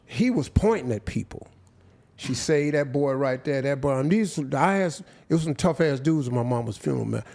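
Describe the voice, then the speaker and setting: Gravelly older man, heartfelt storytelling. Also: medium pitch, expressive, darkish tone. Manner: slow, heartfelt, drops to near silence at emotional points. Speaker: interview guest. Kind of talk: emotional storytelling.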